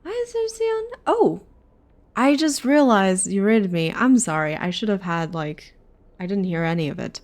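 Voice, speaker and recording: A woman's voice: lowish voice, moderate pace, darkish tone. A woman game streamer reading a game aloud and chatting casually with viewers, often correcting herself. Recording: clear background music.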